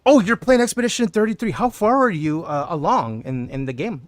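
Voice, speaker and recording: A man's voice: mid-range voice, animated, a little fast, hardly any pauses, no room sound. A man streaming a video game, chatting casually with his viewers and thinking aloud as he plays. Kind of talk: casual gameplay commentary.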